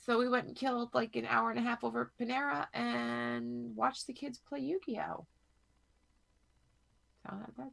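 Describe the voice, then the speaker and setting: A woman in her thirties, hoarse from a cold, chatting as a podcast co-host and telling rambling, profane stories. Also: a little high, steady tone, moderate pace, a bit bright. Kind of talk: casual chat.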